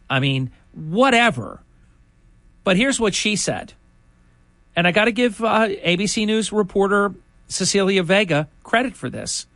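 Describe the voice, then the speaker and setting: A man's voice: sits high, fairly bright tone, no room sound. Indignant older male talk host. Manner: indignant, conversational, rambling asides. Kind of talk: political talk commentary.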